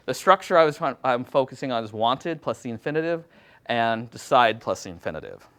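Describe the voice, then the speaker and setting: A male teacher talks through a workshop in a loose, conversational way. His voice sits at an ordinary, mid-range pitch. He pokes fun at himself and drops in quick quoted asides as he goes. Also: very animated, a bit bright, clear, resonant tone. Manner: casual, self-deprecating, chatty with many fillers and quoted asides. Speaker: Latin teacher presenting a workshop.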